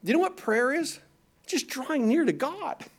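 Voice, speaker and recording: A man's voice: extremely high pitch, animated, moderate pace. A man preaching a sermon, reading scripture aloud and explaining it, often asking his listeners rhetorical questions and repeating words as he goes. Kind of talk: expository sermon.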